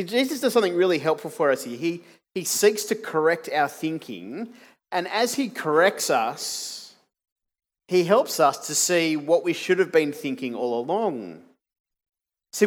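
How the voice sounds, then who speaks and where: A man preaching a sermon, earnest and emphatic, asking the congregation rhetorical questions. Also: on the high side.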